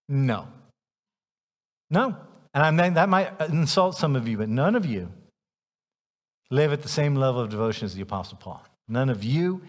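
A man preaching a sermon as pastor, emphatic and challenging his congregation directly, heard in a church sanctuary. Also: a little high. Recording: long reverb of a church hall.

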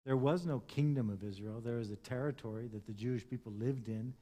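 A man preaching a sermon as pastor, moving from loud, stressed points to quiet, hushed lines and acting out the words of scripture figures. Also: mid-range voice, fairly quick. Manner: impassioned, swings between loud emphasis and hushed tones.

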